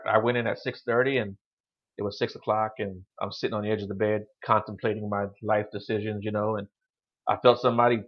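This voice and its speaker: On a call-in show, a middle-aged man with a mid-range voice rambles casually through his paranormal experiences, leaning heavily on "you know" and "like," over dull audio.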